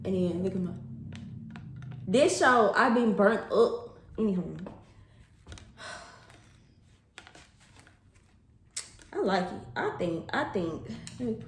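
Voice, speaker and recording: A woman's voice: mid-range voice, expressive, drawn-out words, pauses often, slight background noise. A young woman chatting casually in her fashion haul vlog, playful and slangy, often laughing. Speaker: fashion vlogger. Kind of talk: casual haul video chat. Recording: echoey room.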